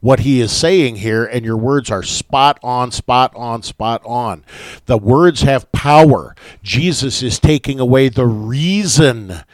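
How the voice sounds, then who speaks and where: A man's voice: medium pitch, animated, unhurried, hardly any pauses, no echo. A man hosting a Bible study talk, affirming his guest and chatting about the text.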